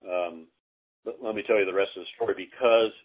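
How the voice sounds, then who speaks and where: A middle-aged man telling stories casually as a guest, halting, with many fillers and restarts. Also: fairly low pitch, steady tone, breathy edge. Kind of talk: casual storytelling interview. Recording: phone-like narrow audio.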